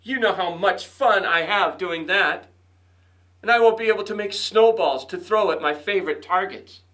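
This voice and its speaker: A man's voice: sits high, moderate pace, pushed and bright. A man voicing a cranky, grumbling male rabbit in a read-aloud storybook, complaining about spring. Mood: grumpy.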